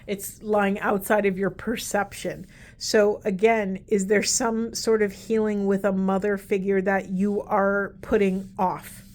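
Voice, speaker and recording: A woman giving an earnest, meandering spiritual card reading, speaking gently and getting emotional at times. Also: medium pitch, flat delivery, measured pace, hardly any pauses. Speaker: tarot and oracle card reader.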